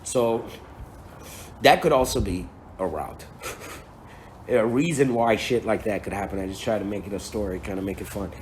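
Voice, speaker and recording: A man's voice: on the low side, normal speed, long pauses, a little hiss or hum. A man giving a casual, storytelling spiritual lecture, full of slang, swearing and chuckles. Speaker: spiritual speaker.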